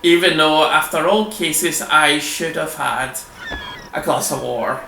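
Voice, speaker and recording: Slightly high and creaky, his voice moves at an unhurried pace while he chats casually over his game. This host rambles, swears and laughs often, heard via a desk microphone in an echoey room with a quiet hum.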